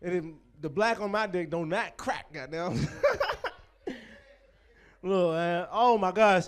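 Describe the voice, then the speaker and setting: High-voiced young comedy host. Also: male voice, measured pace, smooth. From Pittsburgh, USA. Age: 20s. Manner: loose, profane, crowd-teasing banter. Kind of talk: stand-up comedy hosting.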